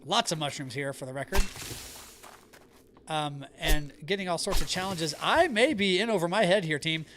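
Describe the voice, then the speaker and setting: This live gameplay chat features a man from the American South talking casually to viewers while playing a survival game. He uses a neutral American accent, going Southern only in anger, and his fairly high, expressive voice moves at normal speed amid background noise.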